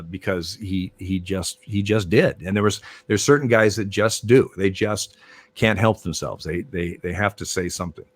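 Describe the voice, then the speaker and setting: A former baseball umpire, now older, rambles through stories as an interview guest, full of fillers and restarts and growing animated when retelling arguments. His voice is fairly low and the recording has no echo.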